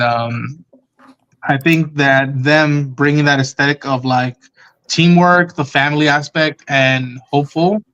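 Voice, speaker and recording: A man's voice: medium pitch, fairly bright tone, lo-fi sound. A man, the host of a fan stream, chatting casually and at length about an upcoming film, full of ums and restarts. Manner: rambling, many ums and restarts. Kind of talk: casual live-stream chat.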